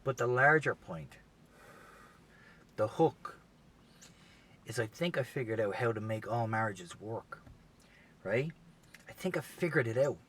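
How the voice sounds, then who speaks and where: Bright-voiced man rambling profanely. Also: medium pitch, slight background noise. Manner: profane, rambling, peppered with "you know". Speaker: podcast host. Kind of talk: comedic rambling monologue.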